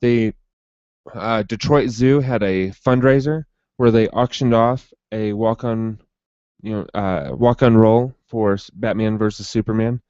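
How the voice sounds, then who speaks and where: A man's voice: fairly low pitch, unhurried, a little mellow, clear, resonant tone, no room sound, muffled recording. A man co-hosting a podcast in casual chat, with a dry, sarcastic delivery. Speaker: podcast co-host.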